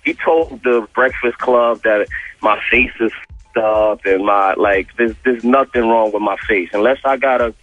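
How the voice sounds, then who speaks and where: A man tells a story as a radio guest, acting out the voices of both sides as he goes. His voice sits at a middle pitch, and the audio is dull and slightly muffled. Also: measured pace, no room sound. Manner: animated retelling, acting out both sides of the exchange.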